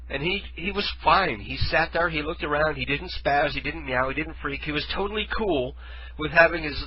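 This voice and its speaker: A man hosting a radio show tells a rambling story in casual chat, adding running commentary and correcting himself along the way. His voice is fairly high, and the recording sounds muffled.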